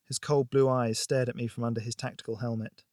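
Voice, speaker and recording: A man narrating a thriller audiobook in a steady, expressive storytelling voice. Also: medium pitch, a little fast, no echo, studio quality.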